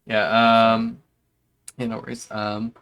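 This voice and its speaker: A man's voice: fairly low pitch, completely flat delivery, slow pace, a bit bright, smooth. A man playing a tabletop game, casual and joking, with an occasional curse. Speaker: player.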